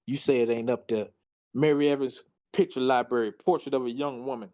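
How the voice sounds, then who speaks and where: A man's voice: medium pitch, fairly even intonation, a little fast, mellow, muffled recording. A tired man giving a casual, slangy presentation, reading slides aloud and reacting to them. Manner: loose, slangy, talks back to the slides.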